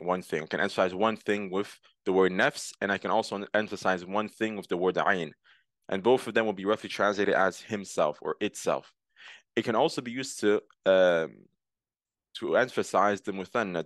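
A man with a lowish voice explains grammar step by step, slipping in words and translating each one. He repeats key terms patiently as he teaches. The recording is close and dry, with no room sound. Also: a bit bright, no room sound.

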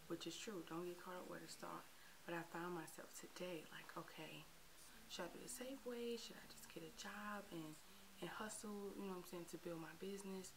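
A woman hosting her own show from home, talking softly and sometimes near a whisper in a casual, encouraging chat. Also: fairly low pitch, background noise. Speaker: podcast host. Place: at home with a sleeping baby.

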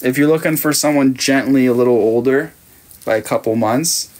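A man in his thirties with an Australian accent speaks at a moderate pace in a mid-range, slightly dark voice. He's casually chatting during a late-night livestream, reading viewer messages out loud and teasing people playfully.

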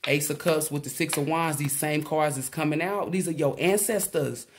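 Excitable, cursing woman reading tarot. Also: deep voice, moderate pace, a little hiss or hum. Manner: excitable, profane, rambling with restarts. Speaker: tarot reader. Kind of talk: casual tarot reading to camera.

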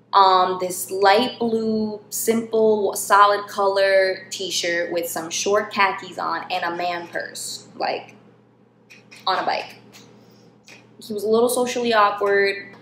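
A young woman from New York telling a funny travel story in a casual, animated way, laughing often and saying "like" a lot. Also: medium pitch, takes it slowly. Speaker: vlog host. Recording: echoey room with faint hiss.

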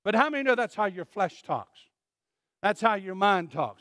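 A male pastor delivering a sermon in an emphatic way, swinging from loud to hushed. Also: sits high, very animated, moderate pace, dry recording, studio quality. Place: church.

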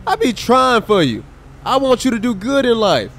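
This male streamer has a high, bouncy voice that swings all over as he reacts, speaking at a moderate pace. Role-playing a highway patrol officer, a state trooper, he chats loosely with his audience, exclaims, and talks to game characters. Faint game noise hums in the background.

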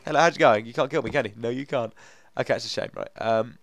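A young man with a blocked nose, rambling excitedly through let's-play game commentary. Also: mid-range voice, quick pace. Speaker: gaming video host.

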